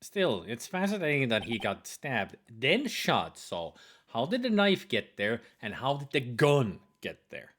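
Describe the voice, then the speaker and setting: Animated teasing game player. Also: mid-range voice, unhurried, a little hiss or hum. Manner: teasing, animated, laughs often. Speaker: let's play co-player. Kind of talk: casual game commentary, reading dialogue aloud. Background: game music.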